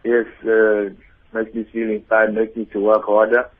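A man's voice: lowish voice, little pitch movement, normal speed. A young man, a footballer, giving short, plain answers in a phone interview. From South Africa. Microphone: telephone. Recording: tinny phone line.

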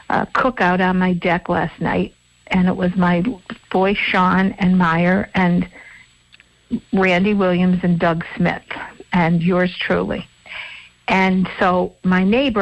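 A woman's voice: lowish voice, dry recording. A woman co-hosting a local radio talk show, chatting in a rambling way and restarting her sentences as she goes. The recording is dry and a bit dull, like studio audio sent out over the radio. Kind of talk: casual radio chat.

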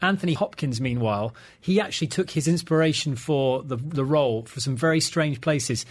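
A man's voice: fairly high pitch, a little fast. A man hosting a casual film podcast, chatty and full of trivia. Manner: chatty, trivia-telling, laughs often. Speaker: podcast host.

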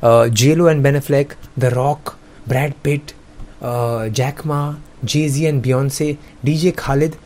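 A man's voice: medium pitch, steady tone, slow, a little mellow. A young man, hosting comedic news commentary in a sarcastic, joking way and laughing often. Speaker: host.

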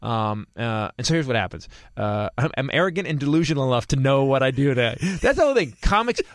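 A man talking fast and loose, piling up restarts and swearing as he spins a long comic story on a podcast. His voice sits in an ordinary middle register, close-miked and dry with no room sound. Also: mid-range voice, no echo. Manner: fast, profane, animated storytelling with quick restarts. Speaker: stand-up comedian, guest.

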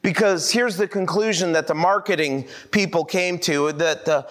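A male pastor preaching a sermon to a congregation, telling a story with animated acted-out dialogue. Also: sits high, moderate pace.

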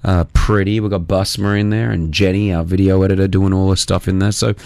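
A man hosting a breakfast radio show, teasing a caller and running a quick quiz. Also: sits low, level tone, creaky, a little mellow, no room sound.

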